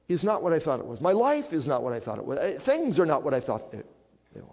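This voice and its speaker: A man preaching a sermon as a pastor, swinging from hushed, quiet passages up to loud, emphatic declarations. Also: medium pitch, very animated, quick pace, gravelly. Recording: long hall reverb.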